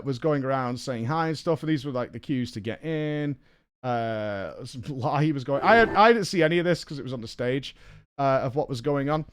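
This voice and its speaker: Streamer guy, lively swoopy voice, tells stories all excited and sweary. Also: a little high, smooth. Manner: animated, swearing, acts out quotes. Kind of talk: casual storytelling to a stream.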